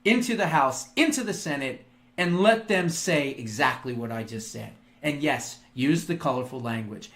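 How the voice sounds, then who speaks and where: A male show host delivering a crude, emphatic opinion monologue. He slows down and gets loud when he acts out imagined speeches. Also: fairly high pitch.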